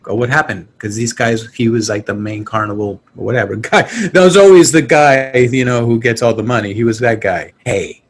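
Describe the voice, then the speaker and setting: A man's voice: medium pitch, fairly quick, hardly any pauses, slightly rough. A man co-hosting a podcast, chatting casually about an old horror movie, laughing often and acting out the characters. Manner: laughing, animated, acts out characters. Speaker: podcast co-host.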